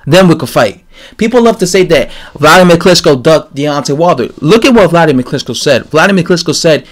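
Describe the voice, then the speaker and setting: A man giving a casual, rambling opinion rant on his channel, animated and full of fillers and restarts. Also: a little high, brisk. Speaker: boxing commentator vlogger.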